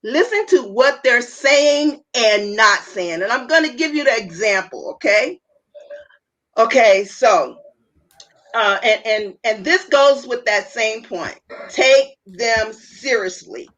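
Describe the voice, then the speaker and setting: An earnest woman with a fairly high voice, speaking as a guest over a video call. She drives her points home by repeating key phrases. She often stumbles and restarts mid-sentence. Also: animated, takes it slowly, fairly bright tone, rough recording. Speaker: panel guest. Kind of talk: earnest advice talk.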